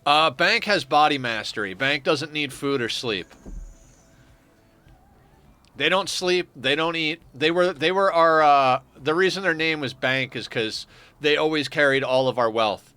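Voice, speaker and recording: Man, game stream commentary, sharp bright voice, rambling, chatty, casual swearing. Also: fairly high pitch, moderate pace, clean tone, no echo. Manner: rambling, loose and chatty, swears now and then. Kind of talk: casual let's-play commentary.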